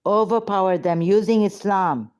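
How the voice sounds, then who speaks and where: A woman's voice: medium pitch, normal speed, a little mellow. A woman arguing heatedly on a call, confrontational and accusatory. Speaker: ex-Muslim debater on a call. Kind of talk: heated argument.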